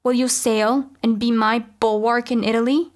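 A woman's voice: a little high, fairly even intonation, moderate pace, close to an everyday voice. A woman voicing a proud, wrathful goddess who speaks in a cold, imperious, biting way.

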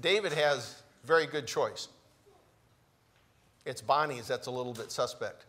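A man preaching a sermon in a church, slow and emphatic, with deliberate pauses between phrases. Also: medium pitch, bright, forceful tone. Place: church sanctuary.

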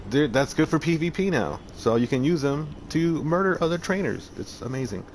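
A man's voice: on the high side, lively intonation, moderate pace, a little hiss or hum. A man live-streaming a game, chatting casually with viewers, swearing freely and talking to himself as he plays. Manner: chatty, profane, talks to chat while playing. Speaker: streamer playing a game and reading chat.

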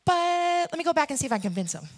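A woman's voice: very high-pitched, sing-song, very fast, voice pushed up. A woman voicing a stubborn male prophet who keeps bargaining for a different answer. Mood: wheedling.

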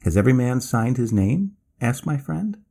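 Guy reading an old ghost story aloud, husky voice, swoops up and down a lot. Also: mid-range voice, normal speed. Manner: lively, acts out quoted speech in narration. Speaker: narrator. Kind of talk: scripted storybook narration.

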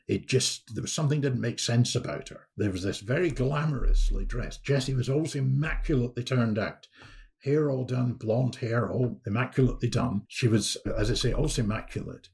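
A man, a historian guest on a podcast, telling a story in a lively anecdotal way with frequent restarts. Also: mid-range voice, fairly quick, gravelly.

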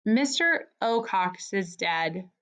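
A woman's voice: on the high side, expressive, slow pace. Poppy, a woman reading as an earnest young mouse. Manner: earnest, solemn.

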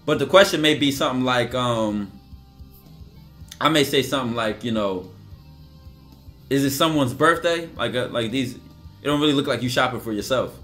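On a livestream, a male streamer delivers a casual, emphatic monologue, acting out bits of dialogue as he goes. His mid-range voice is a bit bright and moves at a moderate pace, with faint music in the background.

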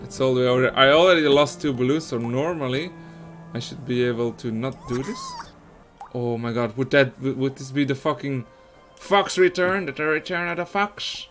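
A young Belgian man with Dutch as his first language, giving excitable, swear-heavy let's-play commentary with lots of laughing. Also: mid-range voice, moderate pace, faint music behind. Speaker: gaming streamer.

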